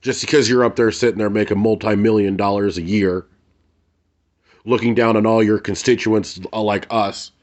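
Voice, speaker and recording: This is heated commentary from a vlogger, a man whose lowish voice keeps a fairly even intonation at a moderate pace. He's angry and blunt, swearing and repeating himself to drive points home.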